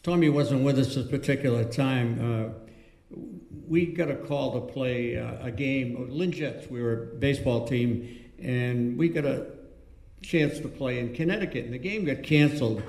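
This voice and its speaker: A man's voice: mid-range voice, measured pace, a little mellow. A man, a former teammate, telling a story to friends and acting out the lines he quotes. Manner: chatty, acts out quoted lines. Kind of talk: casual storytelling. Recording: echoey room.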